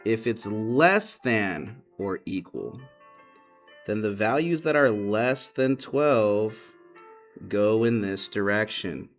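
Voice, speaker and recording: Slow, deep-voiced math teacher. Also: male voice, lively intonation, faint music behind. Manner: patient, repeats key points, addresses students as y'all. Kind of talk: classroom lesson explanation.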